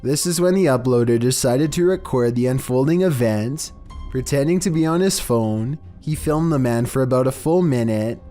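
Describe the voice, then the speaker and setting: A man narrating scary internet videos in a flat, monotone, scripted delivery. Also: mid-range voice, moderate pace. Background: faint background music.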